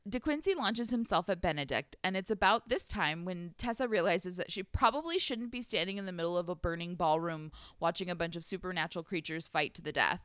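This woman hosts a podcast and retells a story with a lot of swing in her voice, moving from high to low and back. Her tone is bright and a little sharp, and she laughs often and swears casually. The recording is dry and close. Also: animated, fairly quick, hardly any pauses, smooth, dry recording. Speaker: podcast host recapping a book. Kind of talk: casual chat with story recap. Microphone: own podcast mic.

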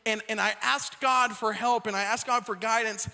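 A man's voice: sits high, steady tone, normal speed, gravelly, pushed and bright, long reverb tail, full character voice. A man voicing a nervous, scared king who stammers as he pleads for help. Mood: nervous pleading. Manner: hesitant, stammering.

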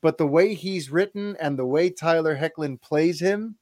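Male podcast co-host, fairly high voice, eager and rambling, dry close sound. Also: moderate pace, darkish tone, dry recording. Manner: enthusiastic, rambling with restarts. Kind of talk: casual podcast chat.

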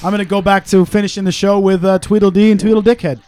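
A man's voice: high voice, fairly even intonation, quick pace, darkish tone, a little hiss or hum. A man hosting a podcast in casual chat, brash and full of crude banter. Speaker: podcast host.

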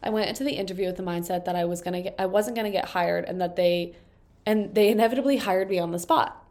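A young woman with a stuffed-up, congested voice, casually reading confession posts aloud and chatting through them with quick, wry asides. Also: on the low side, darkish tone. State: congested from allergies. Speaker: video host reading and reacting to confession posts.

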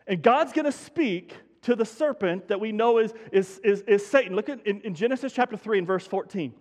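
A man preaching a sermon as pastor, conversational and energetic, repeating key phrases for emphasis. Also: high voice, brisk, big-room sound.

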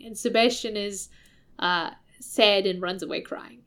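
A woman's voice: mid-range voice, steady tone, unhurried, fairly bright tone. A woman hosting a podcast, animatedly recapping a story and quoting the characters as she goes. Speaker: podcast host. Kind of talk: casual recap with quoted voices.

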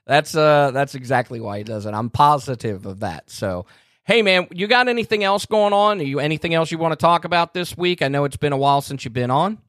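A man hosting a casual podcast chat, easygoing and quick to laugh. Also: a little high, animated, fairly bright tone, no echo, studio quality. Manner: easygoing, laid-back, laughs often. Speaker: podcast host.

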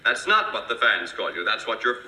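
A man's voice: lowish voice, big pitch swings, brisk, roomy sound, far from the mic, very noisy. An actor playing a fussy, anxious man in a 1970s sitcom clip, with a studio audience laughing. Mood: mock formal.

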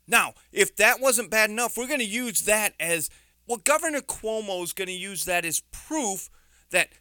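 Indignant New York man, lively and bright. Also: sits high, moderate pace, smooth, no room sound, clean studio sound. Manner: indignant, emphatic, sarcastic. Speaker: commentator. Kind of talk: opinion commentary monologue.

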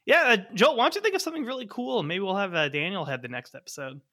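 A man's voice: sits high, expressive, fast, sharp tone. A man hosting a tabletop game podcast as game master, introducing his co-hosts with laughing, exasperated banter. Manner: laughing, exasperated, stop-start.

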